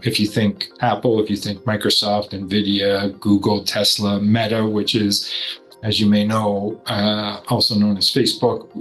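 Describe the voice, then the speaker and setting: A man working as a portfolio manager, giving measured, explanatory investment commentary. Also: on the low side, fairly bright tone, poor audio.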